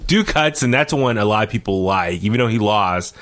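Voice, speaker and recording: A man's voice: on the low side, lively intonation, fairly quick, fairly bright tone. Rambling middle-aged man co-hosting a podcast. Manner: rambling, searches for names, many fillers. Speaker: podcast co-host. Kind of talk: casual wrestling review chat.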